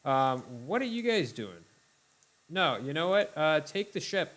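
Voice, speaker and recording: A young man casually commentating his own strategy game playthrough for viewers, chatty and laid-back, talking to them as ladies and gentlemen. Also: fairly high pitch, sing-song, unhurried. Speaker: let's play host.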